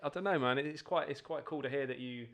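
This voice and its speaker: A man hosting a podcast, asking quick, eager follow-up questions in casual chat. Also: medium pitch. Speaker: podcast host.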